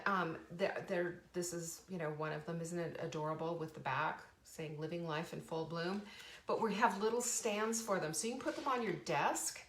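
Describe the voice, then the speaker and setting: A woman's voice: lowish voice, a bit bright. A middle-aged woman hosting a live show, talking in a bubbly, enthusiastic, chatty way with many restarts. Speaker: host. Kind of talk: live show, casual talk. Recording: roomy echo.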